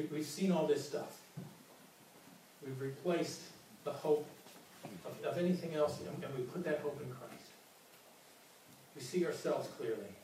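A man's voice: fairly high pitch, warm tone, a little hiss or hum. A man preaching a sermon as pastor, earnest and often repeating his words. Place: large church hall. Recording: very echoey hall, mic from far.

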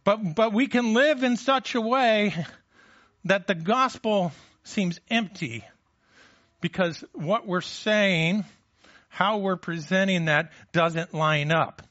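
A man's voice: sits high, slow pace, fairly bright tone, no room sound, highs cut off. A man preaching a sermon in a conversational way, with frequent restarts and rhetorical questions. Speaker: pastor.

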